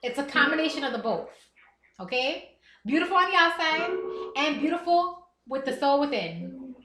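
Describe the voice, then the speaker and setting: A woman in her thirties chats openly with her livestream viewers, laughing often between thoughts. Her voice sits high and sounds bright and forward. The room around her is echoey. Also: animated, moderate pace, slight background noise. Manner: candid, chatty, laughs often. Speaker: livestream host. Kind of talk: casual chat.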